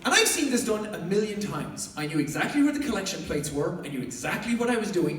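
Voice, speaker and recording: A young Irish man hosting a live stage show, telling funny stories to an audience in an energetic, loud, jokey way, often laughing as he talks. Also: sits high, fast talker, hardly any pauses, slight background noise. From Ireland. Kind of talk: stand-up storytelling to a live audience. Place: large concert hall with a live audience. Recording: echoey hall recording from far off, loud crowd.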